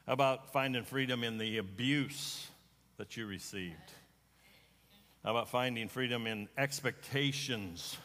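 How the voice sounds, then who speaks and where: A middle-aged male pastor preaches in a folksy, homespun way, often doubling his words as he goes. His voice is bright and forceful. It rings with long reverb through a large church hall. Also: medium pitch, a little slow. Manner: folksy, repeats words as he talks. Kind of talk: sermon with personal storytelling.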